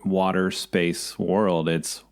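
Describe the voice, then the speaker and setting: Low-voiced male co-host, thirties, rambling casual banter. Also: little pitch movement, takes it slowly, vocal fry, clean tone. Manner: rambling, self-correcting, teasing. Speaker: podcast co-host. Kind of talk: casual chat.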